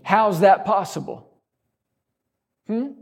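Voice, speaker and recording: A man's voice: sits high, lively intonation, slow, gravelly, husky. A man preaching a sermon, driving his points home through repeated declarations and rhetorical questions.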